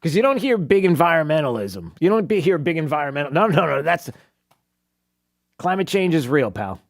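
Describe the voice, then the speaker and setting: A talk radio host speaks fairly quickly in a fairly high voice with big pitch swings. His commentary is opinionated, sarcastic and mocking, peppered with frequent laughs, filler words and restarts.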